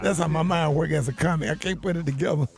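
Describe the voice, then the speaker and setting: Teasing man with a gravelly high voice. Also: fast, a crowd in the background. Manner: joking, teasing. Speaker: radio host and comedian. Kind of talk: radio morning show banter.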